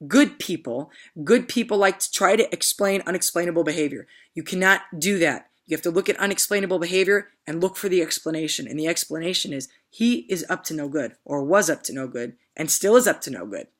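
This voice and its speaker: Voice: medium pitch, fairly bright tone. A vlogger giving a casual opinion rant to viewers. The talk is rambling and emphatic, often loses the thread, and keeps checking in with "okay?". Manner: addresses viewers directly with repeated "okay?". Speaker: political commentator vlogger.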